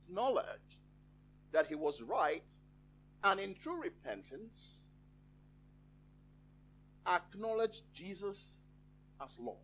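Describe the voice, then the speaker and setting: A man preaching a sermon in a church, with slow, emphatic phrasing and dramatic pauses. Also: high-pitched, slight background noise, poor audio.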